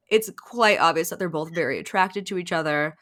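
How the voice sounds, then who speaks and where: Woman podcast host, lowish voice, chatty and profane, "like"-heavy plot recap. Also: fairly bright tone. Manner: laughs while retelling a plot. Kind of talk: casual chat.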